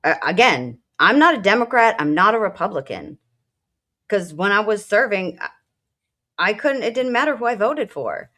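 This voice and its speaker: A woman's voice: mid-range voice, very animated, moderate pace, sharp tone. A woman co-hosting a casual political talk show, a military veteran who speaks bluntly and emotionally, swearing at times. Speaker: co-host.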